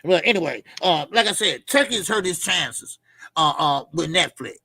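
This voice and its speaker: Gravelly-voiced man rambling on a livestream. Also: a little high, animated, normal speed, pushed and bright, no echo. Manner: loose, rambling, many fillers and repeats. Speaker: livestream host. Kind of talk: casual live chat reading comments.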